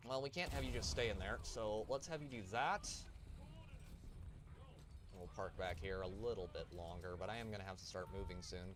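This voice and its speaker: Over a noisy background, a deep-voiced man streams a tank game and gives live commentary. He chats with his viewers as he plays and tosses them jokey asides.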